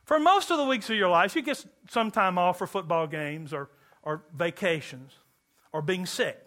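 Animated preacher from Kentucky, high bright voice. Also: male voice, normal speed. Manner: animated, joking with the congregation. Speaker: pastor. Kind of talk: sermon. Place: church.

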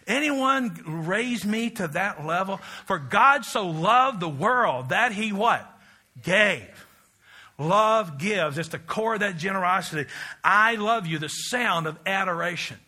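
A man's voice: high voice, animated, unhurried, sharp tone. A middle-aged man preaching a sermon, emphatic and leading the congregation in call-and-response.

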